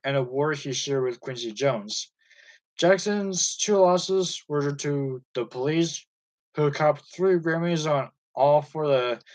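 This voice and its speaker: Male reader with a somewhat high voice for a steady, plain biography read. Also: rough recording. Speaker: audiobook reader. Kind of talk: reading a biography aloud.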